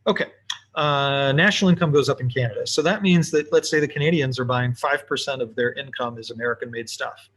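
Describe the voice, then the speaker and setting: Man, teacher, relaxed recorded lesson, thinks aloud, mid-pitched voice, computer mic. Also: brisk, slightly rough. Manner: casual, talks to himself while drawing. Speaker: economics teacher. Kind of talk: recorded lesson while sketching graphs.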